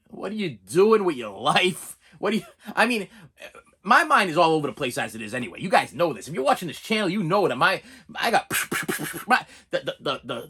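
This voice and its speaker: A man with a husky, slightly breathy voice rambles through a casual monologue for his movie channel. His pitch swings up and down a lot as he stumbles over repeated words, restarts his sentences and chuckles as he goes. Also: pushed and bright. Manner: chuckles between phrases. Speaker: movie review channel host.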